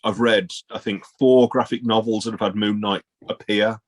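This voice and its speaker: A British man co-hosting a podcast in casual chat, lively and opinionated. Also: fairly low pitch, normal speed. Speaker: podcast co-host.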